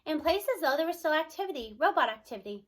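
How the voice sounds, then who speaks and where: A woman reading a children's book aloud in a bright, high voice. Her storytelling is expressive and steady, chapter by chapter. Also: fast. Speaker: reader.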